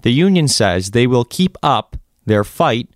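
A male reporter reads a news segment in a measured, even delivery. His voice is smooth and resonant, recorded close and dry. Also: mid-range voice, no room sound. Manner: measured and even, read from a script.

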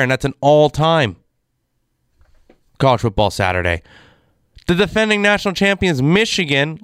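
A man rants about the week in sports, exasperated and emphatic. His voice sits a little high for a man and sounds smooth and clear. The sound is dry and close, with no room around it. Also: fairly bright tone, dry recording. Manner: exasperated, ranting. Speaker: sports commentator. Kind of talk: casual sports rant.

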